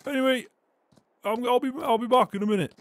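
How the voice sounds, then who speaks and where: A man's voice: very high-pitched, fairly even intonation, fast, no room sound. An actor playing a blunt, teasing male farm worker who swears constantly. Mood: grumbling. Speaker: farm roleplay character.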